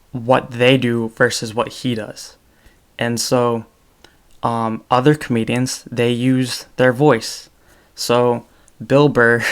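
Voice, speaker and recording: A man's voice: medium pitch, smooth. A young man hosting his own podcast, talking alone off the cuff, thinking aloud and correcting himself as he goes. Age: young adult. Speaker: podcast host. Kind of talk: unscripted solo talk.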